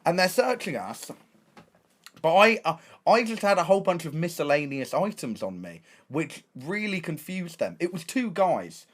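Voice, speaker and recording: Animated young English man telling a tale. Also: on the high side. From England. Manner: excitable, slangy, lots of restarts. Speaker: streamer. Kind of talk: casual storytelling.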